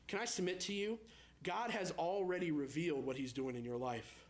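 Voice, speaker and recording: A male pastor preaching a sermon, telling personal stories and acting out anxious prayers in a raised, pleading voice. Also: moderate pace. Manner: animated preaching, acts out prayers in a high pleading voice; storytelling with personal anecdotes.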